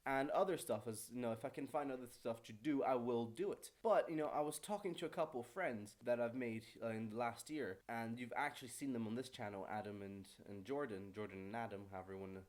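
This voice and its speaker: A young man from Morocco, raised in Brazil and Paris, ranting casually on his vlog as a student pilot, chatty and quick with frequent self-corrections. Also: mid-range voice, darkish tone. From born in Morocco, raised in Brazil and Paris. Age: young adult.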